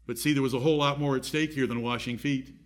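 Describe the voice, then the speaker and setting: A man's voice: medium pitch, fairly even intonation, fast talker. A man preaching a sermon, rising emphatically on key points.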